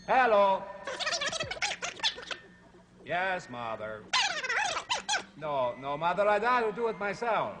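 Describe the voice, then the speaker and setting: A man's voice: sits high, very animated, slow pace, pauses often, heavy background noise. A man hosting a horror comedy show, talking in a mock-grand, exasperated way.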